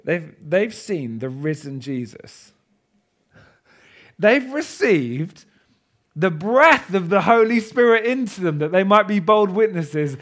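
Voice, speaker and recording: Guy preaching in church, pretty high voice, gets loud then drops real quiet. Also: animated, slow pace. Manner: impassioned, swings between loud emphatic declaring and soft hushed asides. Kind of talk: sermon. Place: church with a congregation.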